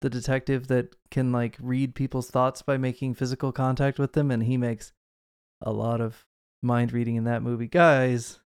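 His delivery is flat and normal in speed, the mid-range voice clear, resonant and a little mellow. This podcast co-host chats about a movie in a rambling way with fillers and asides, in a studio recording with no room sound.

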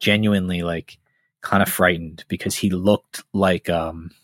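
A man's voice: sits low, fairly even intonation, unhurried, dry recording, studio quality. Candid man telling stories, cursing often. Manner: candid, profane, heated storytelling. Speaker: podcast host. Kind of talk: casual podcast chat.

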